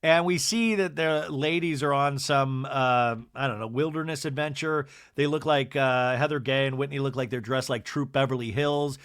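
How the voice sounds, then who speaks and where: A man hosting a podcast, recapping a reality show in an animated, gossipy way. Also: medium pitch, normal speed, hardly any pauses, smooth, no echo, clean studio sound. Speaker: podcast host. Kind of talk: casual TV recap.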